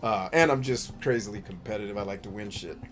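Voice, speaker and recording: A man streaming a video game, riffing in a joking, profane, animated way. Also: lowish voice, quick pace, over music. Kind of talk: casual let's-play commentary.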